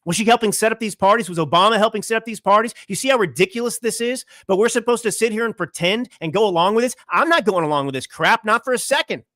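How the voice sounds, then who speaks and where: A young man hosts his own political commentary show, firing off indignant rhetorical questions in a combative rant. His voice is bright and forceful and sits a little high. The sound is dry and close, with no room around it. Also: lively intonation, fast, hardly any pauses, no echo. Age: young adult. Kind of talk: fiery political commentary monologue. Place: California home studio.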